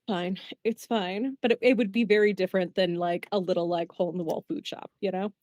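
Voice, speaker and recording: A woman chatting casually as a tabletop game player, excitable and quick to apologize for getting carried away. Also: mid-range voice, no echo, studio quality. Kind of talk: casual chat.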